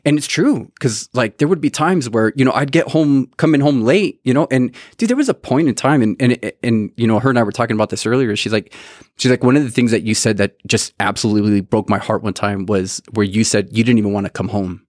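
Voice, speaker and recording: A man's voice: mid-range voice, a little fast, darkish tone, dry recording, clean studio sound. A young man hosting a faith podcast, telling a personal story in a casual, chatty way and often saying "dude". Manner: storytelling, peppers talk with "dude". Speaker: podcast host.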